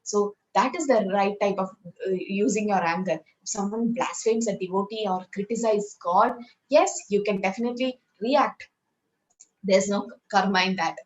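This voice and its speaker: A woman's voice: mid-range voice, moderate pace, a little mellow, low-quality recording. Woman teaching a scripture class. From India. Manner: conversational, often asking "right?".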